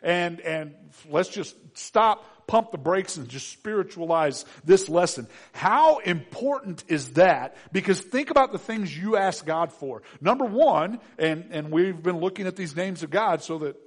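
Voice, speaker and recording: Pastor, male, slightly high voice; casual, humorous delivery full of ums and restarts. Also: lively intonation, unhurried, hardly any pauses. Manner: conversational and joking, with frequent fillers and restarts. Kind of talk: sermon.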